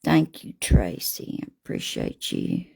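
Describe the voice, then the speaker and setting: A woman hosting a live painting demo, chatting warmly with viewers by name as she works. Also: rumbling low, huge pitch swings, a little slow, vocal fry, breathy edge. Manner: homey and gushing, talks to viewers by name.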